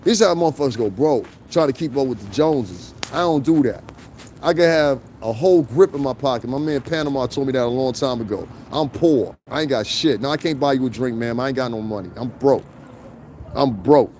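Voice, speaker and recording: A middle-aged New Yorker hosts a casual livestream out on a cold city street, reading comments and rambling through loose, profane stories. His voice is medium-pitched and a little mellow, the pace is a little fast, and there is a little hiss or hum.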